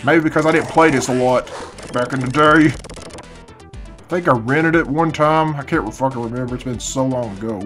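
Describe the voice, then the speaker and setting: A man's voice: medium pitch, moderate pace, a bit bright, soft background music. A man doing casual gameplay commentary, swearing constantly and grumbling at the game, half asleep early in the morning. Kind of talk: casual let's-play commentary.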